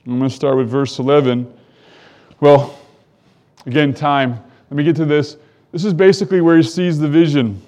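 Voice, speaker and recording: A man leads a Bible teaching, moving between reading scripture aloud and explaining it in his own words. His voice sits a little high for a man and rises further, more animated, whenever he quotes the characters. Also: normal speed. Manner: reads scripture aloud and stops to comment; animated, voice climbing when quoting the characters. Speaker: preacher.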